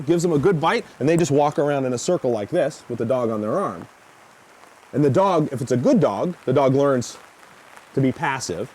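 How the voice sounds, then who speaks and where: A man teaching a dog training seminar, lecturing in an animated way and acting out reactions. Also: mid-range voice, a little hiss or hum. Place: seminar venue.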